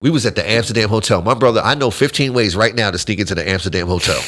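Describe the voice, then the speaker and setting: A man telling long, animated stories in a casual chat, acting out what others said. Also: on the low side, very fast. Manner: animated storyteller, quotes others in voices. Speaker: podcast guest.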